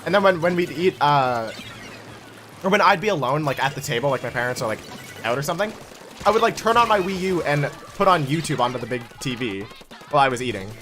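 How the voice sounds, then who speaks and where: A young man chatting casually to his viewers while playing a game, animated and chatty. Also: fairly high pitch, fast, a little hiss or hum. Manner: animated, chatty, talks to chat. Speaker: game streamer. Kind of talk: casual live-stream chat while gaming.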